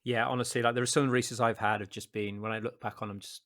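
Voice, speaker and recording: An enthusiastic man hosts a podcast conversation, stressing his points and sprinkling in casual fillers. His voice sits at a middle pitch but has a bright, pushing edge to it. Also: level tone, quick pace. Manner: enthusiastic and emphatic, with lots of fillers like "you know". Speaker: podcast host.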